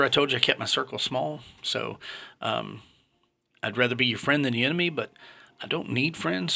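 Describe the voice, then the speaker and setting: Blunt vlogger, man in his fifties, gravelly and forceful, casual monologue. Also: mid-range voice. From United States. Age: 50s. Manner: blunt and opinionated.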